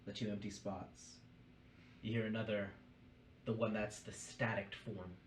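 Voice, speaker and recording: A man narrating as game master of a tabletop game, describing scenes in a measured way. Recorded in a roomy space from a distant mic. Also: lowish voice, flat delivery, a little hiss or hum.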